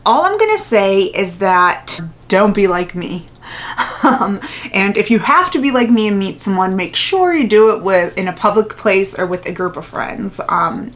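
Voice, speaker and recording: A woman's voice: medium pitch, lively intonation, normal speed. A woman vlogger telling a story in a casual, chatty way, full of fillers and little laughs.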